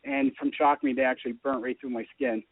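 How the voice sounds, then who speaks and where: A man telling his story in a casual radio chat, animated and acting out the dialogue. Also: medium pitch, brisk. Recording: tinny phone line.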